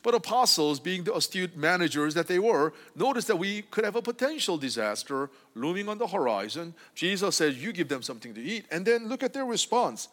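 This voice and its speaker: A man delivering a conversational sermon in a church sanctuary. His voice sits fairly high and swings widely in pitch, and he keeps checking in with the congregation as he explains. A long hall reverb trails after his words. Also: fairly quick, hardly any pauses. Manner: animated, often asking the congregation "right?". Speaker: preacher.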